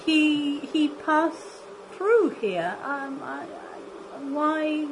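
A woman's voice: high-pitched, drawn-out words, background noise, full character voice. A woman playing a nervous, evasive establishment keeper who stammers and hesitates.

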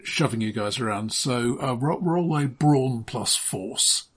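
A man narrating as game master of a tabletop game, in a relaxed, halting way with frequent restarts. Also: mid-range voice, husky.

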